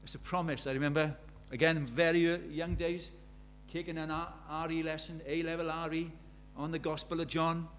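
A man's voice: on the high side, level tone, moderate pace, hardly any pauses, a bit bright, a little hiss or hum. A British man preaching a sermon, telling stories with emphasis and repeating key phrases.

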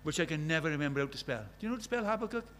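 Male preacher, high voice, chatty sermon with questions to the pews, scripture read with rising force. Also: animated, rapid-fire, fairly bright tone, a little hiss or hum. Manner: conversational, asks the congregation many questions.

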